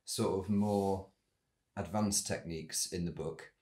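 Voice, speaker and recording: A man as a guest in a casual chat, easygoing and quick to laugh. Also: low-pitched, fairly even intonation, a little mellow, echoey room.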